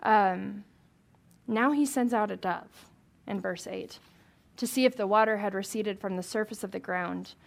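Gravelly-voiced woman leading Bible study. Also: mid-range voice, unhurried. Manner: chatty, asks the group questions, reads scripture aloud. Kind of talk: conversational Bible teaching to a small group.

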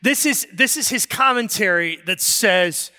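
High, bright-voiced man preaching in a reverberant hall. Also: expressive, a little slow. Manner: conversational and digressive, with sudden emphatic rises. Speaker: pastor. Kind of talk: sermon. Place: church sanctuary.

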